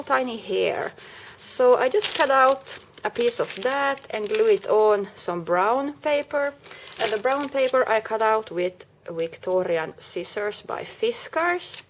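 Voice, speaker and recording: Explaining a craft project step by step, a chatty woman offers a casual tutorial with minor self-corrections. Her voice is fairly high-pitched, with slight background noise.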